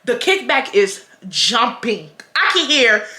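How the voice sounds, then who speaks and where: A young woman from Houston, telling a story to her viewers in a blunt, animated, profane way with frequent laughter. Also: medium pitch, normal speed, echoey room, noisy background. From Houston, Texas. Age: 20s. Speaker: vlogger. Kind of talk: casual storytime.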